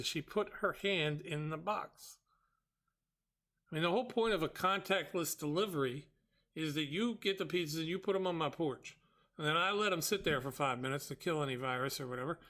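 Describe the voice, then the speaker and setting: Male host, slightly high, sharp voice; animated, exasperated storyteller. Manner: exasperated, quick retelling with quoted dialogue. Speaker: trading show host.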